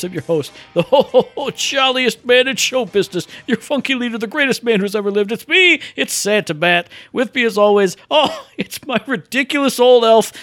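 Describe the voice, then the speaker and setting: A man playing a booming jolly Santa. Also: fairly bright tone, poor audio. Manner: booming, self-aggrandizing showman. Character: jolly boastful male Santa Claus host. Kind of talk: comedic podcast intro in character.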